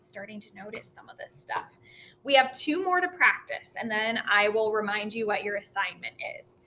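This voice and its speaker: Slow, bright-voiced woman music teacher. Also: fairly high pitch. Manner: slow, clear teacher talk, sings and chants rhythms for pupils to repeat. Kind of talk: virtual music lesson for children.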